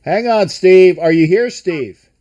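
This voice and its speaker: A man's voice: high-pitched, animated, slow, warm tone, lo-fi sound. An older man hosting a casual live-streamed sports talk show, rambling and profane, with a lot of false starts. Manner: rambling, profane, many restarts.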